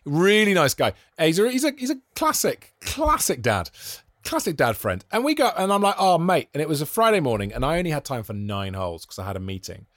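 A man's voice: on the high side, brisk, no room sound, studio quality. A young man, a podcast co-host, telling stories in casual chat and acting out what people said. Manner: animated storyteller, acts out quoted voices.

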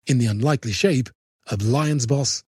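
A man's voice: mid-range voice, breathy edge, no echo, studio quality. Man narrating a sports documentary. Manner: measured, dramatic delivery. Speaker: documentary presenter.

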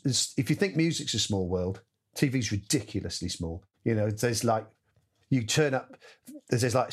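A man, a musical director chatting casually as a guest and acting out voices and sounds in his stories. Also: mid-range voice. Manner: animated storyteller, acts out voices and sounds. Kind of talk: casual anecdotal chat.

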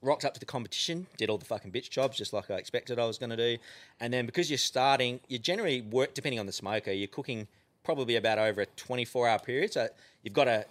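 An Australian man in casual conversation, telling stories with plenty of swearing. He talks quickly and keeps the story rolling. His pitch sits in an ordinary middle range. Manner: profane, animated yarn-spinning with frequent swearing. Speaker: podcast guest.

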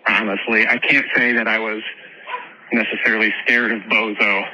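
A man's voice: fairly low pitch, flat delivery, normal speed, bright, forceful tone, a little hiss or hum, low-quality recording. A man leaving a rambling voicemail, telling a story with hesitant, self-deprecating asides. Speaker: voicemail caller.

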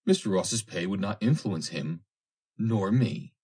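A man's voice: fairly low pitch, animated, measured pace, darkish tone, breathy edge. A man voicing a proud young woman who coolly rebuffs an insistent suitor, in a prim, reproving manner. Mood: angry.

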